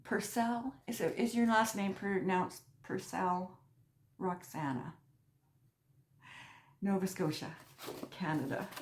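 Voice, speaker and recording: A woman hosting a crochet channel, chatting casually as she unboxes mail, gushing and excitable, often dropping to a soft near-whisper. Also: mid-range voice, takes it slowly, pauses often, a little hiss or hum. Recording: echoey room.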